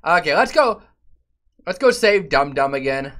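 A man streaming a game and chatting loosely with his viewers, profane and given to sudden loud outbursts. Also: sits high, very animated, moderate pace. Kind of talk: casual live-stream chat.

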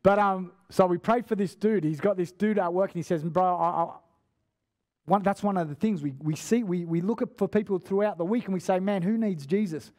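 A man's voice: high-pitched, a little fast, a little mellow. Chatty man preaching. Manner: chatty, slangy, restarts often. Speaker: guest preacher. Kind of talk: casual sermon storytelling. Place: church.

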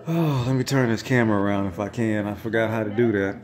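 A man's voice: fairly low pitch, fast. A man making a casual home vlog in his living room, teasing his dog with playful trash talk and slang, filmed on a phone camera. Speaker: vlogger.

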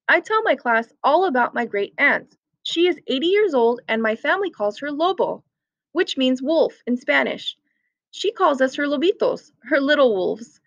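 A woman teacher reads a children's picture book aloud in a clear, expressive, unhurried way. Her voice sits high. The recording is dry and close, with a slightly dull, lo-fi tone. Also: no echo.

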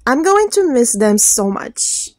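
A woman's voice: sits high, sing-song, takes it slowly, no echo. A woman hosting her own fan channel, gushing over a livestream with repeated exclamations. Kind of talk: fan reaction commentary. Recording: livestream audio and voices behind.

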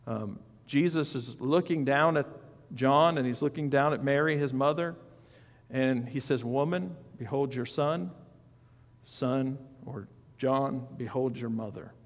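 A man's voice: on the high side, in a large hall. A man preaching a sermon as pastor, in a conversational style with asides and questions to the congregation. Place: church sanctuary.

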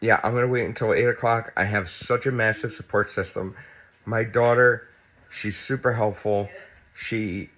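A man in his fifties talks straight to the camera at home in a fairly low voice, sounding sore and tight as he speaks. He rambles in a chatty, blunt way and swears without holding back. The sound is dull and a little lo-fi. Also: fairly even intonation, normal speed, a bit bright. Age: 50s. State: sore and tight after surgery. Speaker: vlogger. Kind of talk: casual vlog talk.

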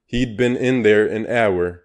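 A man's voice: lowish voice, takes it slowly. A man reading the part of a gossipy female store clerk in a confiding tone. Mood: gossiping.

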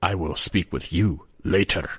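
A man's voice: sits low, a little slow, a bit bright, breathy edge, no room sound, pitched below the performer's own voice, exaggerated voice. A man voicing a stern, commanding queen in a spoken story. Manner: regal, imperious.

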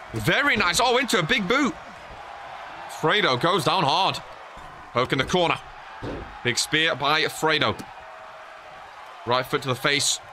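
A young man giving excited play-by-play commentary on a wrestling video game, rising to shouts at near falls. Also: fairly high pitch, slight background noise.

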